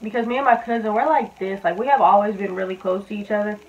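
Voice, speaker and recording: A medium-pitched female voice talks fast as a vlogger in her 20s tells a personal story. She's casual and blunt, cursing and using lots of fillers. The audio has a tinny, phone-like quality.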